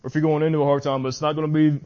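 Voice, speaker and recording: A man preaching at a youth meeting, reading scripture slowly and earnestly, sometimes tripping over his words. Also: a little high, flat delivery, darkish tone. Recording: muffled lo-fi audio.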